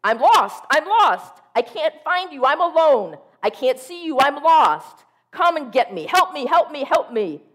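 A woman voicing a frantic lost young puppy, crying for help in a hysterical, high-pitched, unrelenting wail. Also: big pitch swings, a little slow, hardly any pauses.

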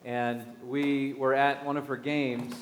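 A man's voice: medium pitch, level tone, takes it slowly. A man from the United States giving a sermon, telling a personal story with self-deprecating humor and acting out the scene. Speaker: pastor.

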